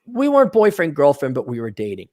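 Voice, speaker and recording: Man, podcast host, blunt ranting chat, swooping lively pitch, a bit high-voiced, mimics quoted voices. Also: fast. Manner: animated, acts out quoted voices, blunt advice. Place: Twin Cities area, indoors.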